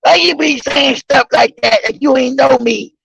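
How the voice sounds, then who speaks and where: Wanted: a man putting on a whiny, evasive young woman who rambles in circles, high and raspy. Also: normal speed, a bit bright, dry recording, exaggerated voice. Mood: defensive. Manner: mumbling, repetitive, whiny. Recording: dull lo-fi recording.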